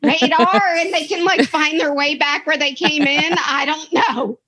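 A woman's voice: sits high, steady tone, a little slow, sharp tone, no room sound. A woman co-hosting a podcast in casual chat, giggly and rambling, poking fun at herself. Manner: giggly, rambling, self-mocking. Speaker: podcast co-host.

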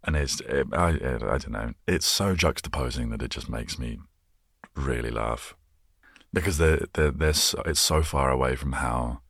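A man rambling in an easygoing, soft-spoken way, chatting casually so listeners can unwind. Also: a bass voice, creaky, breathy edge, dry recording, clean studio sound. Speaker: host. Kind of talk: relaxed rambling chat to help listeners unwind.

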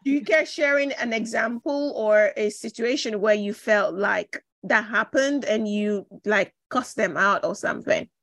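A woman hosting a podcast interview, probing with questions, teasing her guest, and jumping in with quick reactions. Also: medium pitch, a bit bright, dry recording. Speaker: podcast host. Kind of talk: conversational interview.

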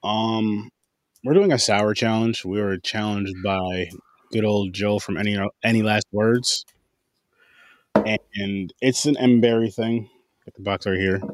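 A man's voice: lowish voice, steady tone, unhurried, no room sound, clean studio sound. A man hosting a casual podcast chat, laid-back, swearing now and then and joking with his guests. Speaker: podcast host.

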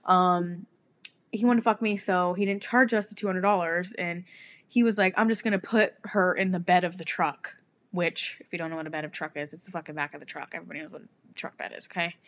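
A young woman co-hosting a podcast, telling a story in casual chat, animated, swearing freely and laughing often. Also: lowish voice, brisk. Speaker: podcast co-host.

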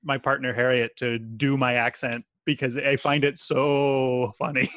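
A man's voice: medium pitch, flat delivery, unhurried, fairly bright tone. An American man co-hosting a podcast, chatty and self-mocking, laughing often. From United States. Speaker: podcast co-host. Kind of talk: casual chat.

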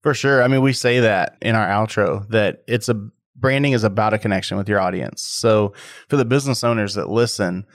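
Guy hosting a podcast, lowish voice, super dry sound, chatty and upbeat. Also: fairly quick, no room sound. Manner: chatty, enthusiastic, marketing talk. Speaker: podcast host. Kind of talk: casual podcast interview.

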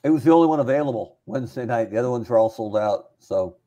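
A man's voice: medium pitch, fast. A man co-hosting a casual chat show, bantering in a jokey way. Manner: jokey, animated. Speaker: podcast co-host.

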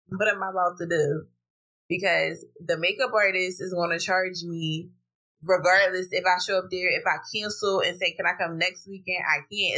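A woman hosting a podcast, telling a story in casual chat, animated and blunt, swearing freely. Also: rough recording. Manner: animated, profane, vents with rising pitch. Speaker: podcast host. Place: home podcast setup while streaming live.

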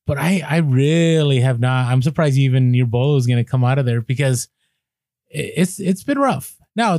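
Podcast co-host, man, animated storyteller, slightly high pitch, dry booth sound. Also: dry recording. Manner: chatty storyteller, animated asides. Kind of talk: casual podcast chat.

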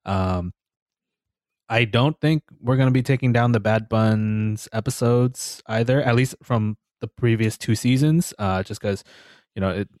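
A man with a fairly low voice co-hosts a podcast in relaxed, easygoing chat. He fills his sentences with "um" and "you know" and swears casually. The sound is dry and close. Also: measured pace, no room sound. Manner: relaxed, filler-heavy, leans on "you know" and "um"; laughs easily, swears casually. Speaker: podcast co-host.

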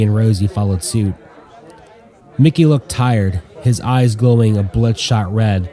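A man narrating an audiobook in an even, measured way. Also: fairly low pitch.

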